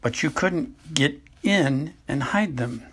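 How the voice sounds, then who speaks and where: A man reading aloud as an impatient teenage boy who presses with urgent questions, in a husky voice. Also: fairly high pitch, animated, slow pace, fairly bright tone, exaggerated voice. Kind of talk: amateur audiobook reading.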